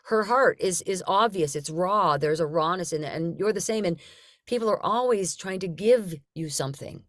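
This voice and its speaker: A woman hosting a casual chat, encouraging and quick with affirmations. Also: on the low side, lively intonation, no echo, clean studio sound.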